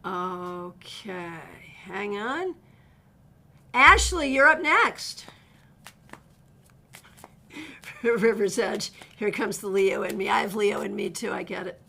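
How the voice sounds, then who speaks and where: A woman's voice: mid-range voice, measured pace, creaky, long pauses, pushed and bright, a little hiss or hum. A woman giving live tarot readings, chatty and direct, greeting viewers by name and giving blunt advice. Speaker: tarot reader. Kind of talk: live-stream card readings.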